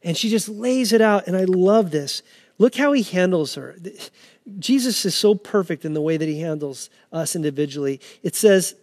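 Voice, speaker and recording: A man's voice: high-pitched, a little mellow. A man preaching a sermon with passion, acting out the voices of the people in the scripture as he tells the story. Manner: impassioned preaching, voicing the people in the scripture he quotes. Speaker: pastor.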